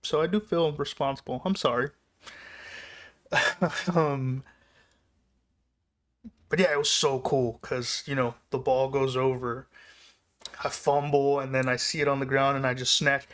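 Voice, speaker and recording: A young man casually telling personal stories in a rambling way, laughing often and getting excited as he recalls them. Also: medium pitch, a little slow, long pauses. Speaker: vlogger. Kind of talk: casual storytelling.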